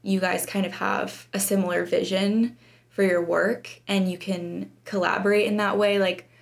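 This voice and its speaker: A woman's voice: medium pitch, level tone, normal speed, vocal fry. A young woman in her twenties, a student podcaster, chatting in a casual interview with many likes. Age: 20s.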